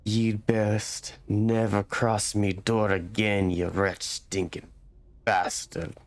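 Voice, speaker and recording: A man voicing a haunted, hostile commoner who shouts threats in a rough old-fashioned dialect. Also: on the low side, little pitch movement, slow pace, dry recording. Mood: seething.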